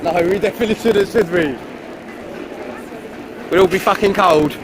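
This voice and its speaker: A man's voice: sits high, normal speed. A man, a livestreamer teasing and questioning people in a street. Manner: mocking, teasing banter. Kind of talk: confrontational street interviewing. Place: outdoors on a city street. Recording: loud traffic noise outdoors.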